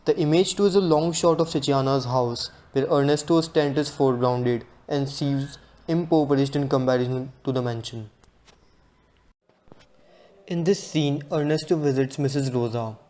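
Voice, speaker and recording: A man presents to his class, reading his notes aloud in a steady, earnest way. His voice is mellow and relaxed, with a middling pitch. He sounds like a student working through his part of a presentation. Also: moderate pace.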